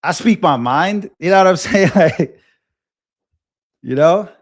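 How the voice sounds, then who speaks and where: A man in his twenties hosting a livestream, talking in an impassioned, animated way and often repeating himself while answering chat. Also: sits high, slow pace. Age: 20s. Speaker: livestream host.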